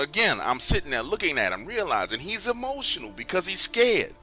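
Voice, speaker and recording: A man narrating a true story in the first person, in a conversational, animated way. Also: fairly high pitch, a little fast, few pauses, faint music behind.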